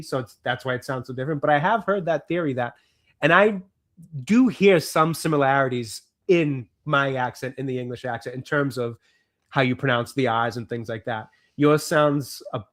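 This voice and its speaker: A man with a Boston accent, co-hosting a casual film podcast chat, musing and hedging with many restarts. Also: a little high.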